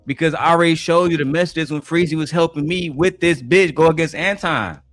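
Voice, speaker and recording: A man ranting fast and heatedly, full of profanity, on a live stream. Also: on the high side, a bit bright, dry recording, faint music behind.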